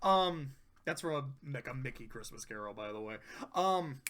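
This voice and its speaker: A man talking casually as he reviews cartoon episodes, excited, swearing a lot and breaking into laughter. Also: mid-range voice, moderate pace, a little hiss or hum. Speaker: video reviewer. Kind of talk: casual commentary.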